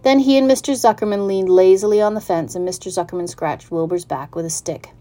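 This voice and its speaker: Mellow-voiced woman reading a storybook. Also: mid-range voice, brisk. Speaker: narrator.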